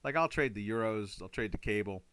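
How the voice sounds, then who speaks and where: A man hosting a live trading webinar in a chatty, rambling way, now and then exclaiming loudly. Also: on the low side, animated, a little fast, clear, resonant tone, no room sound. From United States. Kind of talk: casual live webinar talk.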